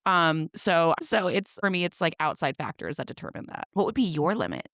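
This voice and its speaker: A woman's voice: fairly low pitch, very animated, a little fast, a bit bright, dry recording, studio quality. A young woman co-hosting a podcast, chatting casually and telling stories with dramatic flair. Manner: chatty, dramatic storytelling with acted-out quotes. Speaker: podcast co-host. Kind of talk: casual chat.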